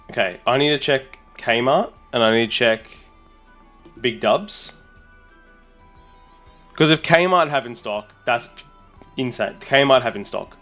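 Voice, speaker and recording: Brief: male streamer, mid-pitched, excitable and rambling, casual chat. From Australia. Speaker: streamer and content creator.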